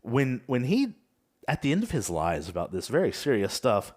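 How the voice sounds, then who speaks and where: A man hosting a casual podcast discussion, recapping in a measured, thoughtful way with some hesitations. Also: medium pitch, wildly swooping pitch, darkish tone. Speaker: podcast host.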